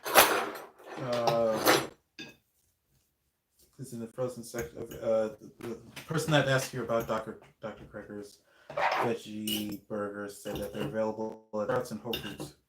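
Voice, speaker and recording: A man's voice: lowish voice, flat delivery, unhurried, long pauses, reverberant, noisy background. A man off camera reading out viewer comments in casual asides, hesitant and full of fillers. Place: home kitchen.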